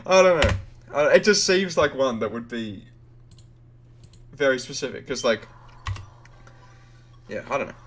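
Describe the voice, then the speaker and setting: A man's voice: mid-range voice, animated, a little slow, pauses often, a bit bright, slight background noise. A young Australian man chatting loosely while live-streaming a game, full of fillers and the odd swear. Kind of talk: casual live-stream chat.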